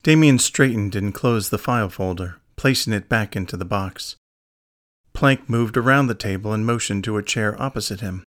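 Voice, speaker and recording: Low-voiced male audiobook narrator. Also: normal speed, fairly bright tone, no room sound, clean studio sound. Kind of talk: scripted narration.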